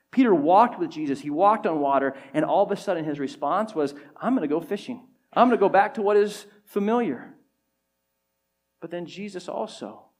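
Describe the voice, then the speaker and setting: Man preaching in a higher voice. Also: a little mellow. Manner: storytelling, acting out quoted dialogue. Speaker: pastor. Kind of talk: sermon. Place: church service before a congregation.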